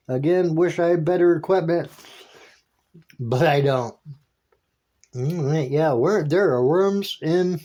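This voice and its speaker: A man narrating a casual vlog while checking his worm bin. He talks in a halting, rambling way, restarting his sentences and laughing softly as he goes. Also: on the high side. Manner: easily delighted, with soft laughs. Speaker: worm-composting vlogger.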